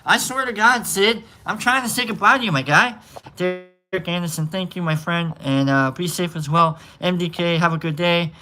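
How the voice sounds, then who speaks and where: A man with a bright, somewhat high voice hosts a casual livestream from an indoor room. He rambles affectionately through goodbyes, full of fillers and little jokes. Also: moderate pace. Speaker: livestream host. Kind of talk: casual livestream sign-off reading chat names.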